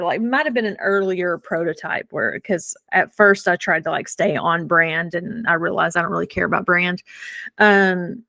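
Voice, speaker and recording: A middle-aged woman hosting a podcast, telling a personal story in a chatty, animated way with self-deprecating humor. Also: fairly low pitch, no echo, studio quality. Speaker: podcast host. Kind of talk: casual storytelling.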